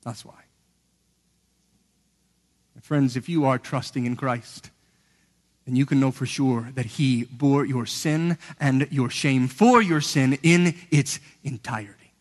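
A man preaching a sermon earnestly, rising to emphatic peaks and sinking to hushed lows. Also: takes it slowly, long pauses. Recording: long hall reverb.

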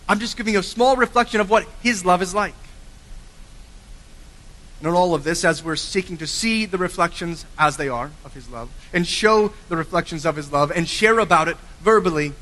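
A man preaching a sermon with earnest emphasis, swinging from forceful lines to quiet, low endings. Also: a little fast. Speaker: pastor. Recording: long hall reverb.

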